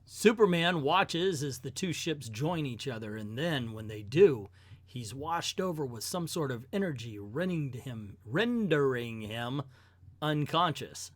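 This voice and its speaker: A man's voice: mid-range voice, lively intonation, unhurried, no echo. A man giving a chatty, wry recap of an old comic book, full of casual asides.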